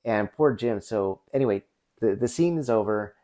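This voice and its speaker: Rambling low-voiced man reviewing movies. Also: normal speed, dark tone. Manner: rambling, with many restarts and fillers. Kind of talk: casual unscripted movie review.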